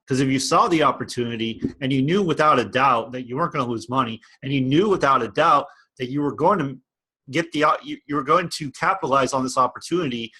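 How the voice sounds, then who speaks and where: Fired-up male vlogger, husky and a little high, preaching and repeating himself. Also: pushed and bright. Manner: passionate, repetitive, preachy. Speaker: online business vlogger. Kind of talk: motivational rant to camera.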